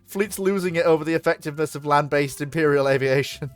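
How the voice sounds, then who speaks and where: A streamer, commenting live on a strategy game and bursting into loud exclamations. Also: mid-range voice, quick pace, dry recording, soft background music.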